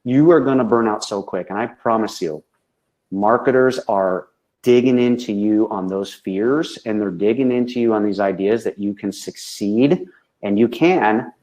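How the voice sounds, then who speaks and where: A man's voice: lowish voice, moderate pace, a little mellow. A man, a business coach, speaking frankly and with animation in casual conversation, tagging nearly every sentence with a questioning "right?".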